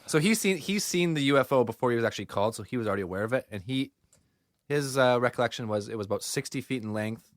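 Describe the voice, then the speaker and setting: A man's voice: medium pitch, expressive, quick pace, no room sound, studio quality. A Canadian man co-hosting a podcast, telling a story in a rambling, swearing, casual way. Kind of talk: casual chat.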